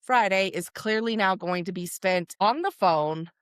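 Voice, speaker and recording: A woman co-hosting a podcast in casual chat, telling stories with lively acted-out quotes and casual swearing. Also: mid-range voice, measured pace, smooth, no echo, studio quality. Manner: animated storyteller who acts out quoted voices. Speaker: podcast co-host.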